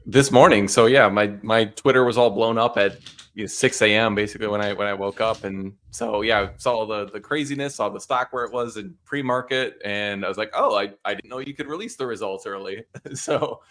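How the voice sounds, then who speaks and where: A man's voice: fairly low pitch, brisk, a bit bright. A man speaking as a guest on a live stream, chatty and self-deprecating. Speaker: guest commentator. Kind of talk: casual live stream chat.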